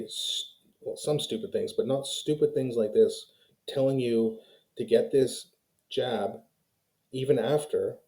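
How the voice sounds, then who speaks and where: A YouTube commentary host rants heatedly to camera on his own channel, offering opinionated casual commentary and addressing viewers as "guys." His voice is medium-pitched and mellow, in a rough recording.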